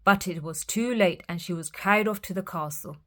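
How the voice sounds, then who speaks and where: A woman storyteller reading children's fairytales aloud in a lively, expressive way. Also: on the low side, fairly quick.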